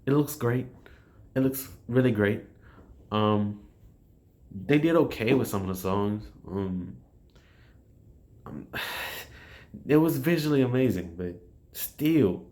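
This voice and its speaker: A man's voice: mid-range voice, expressive, slow, long pauses, darkish tone. A man giving a casual spoken film review, rambling and frustrated, with frequent restarts and swearing. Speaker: movie reviewer.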